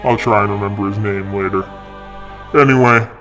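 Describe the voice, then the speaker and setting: A man voicing a huge, cruel ape-man gunner who taunts his victims in a low, mocking voice. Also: fairly even intonation, normal speed, over music, natural voice.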